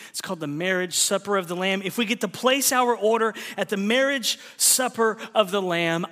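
A man from Oklahoma preaches in a church, his voice high and bright as he trades folksy jokes with the congregation. The sound rings with a long reverberant hall tail. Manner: folksy, joking storyteller. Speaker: pastor. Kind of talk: sermon. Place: church sanctuary.

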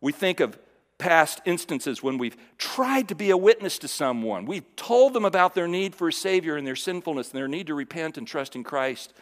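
A man preaching a sermon in a conversational way, asking the audience questions and dropping from loud emphasis to near-whispered lows. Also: sing-song, moderate pace, in a large hall. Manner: conversational, with fillers and restarts, asks the audience questions.

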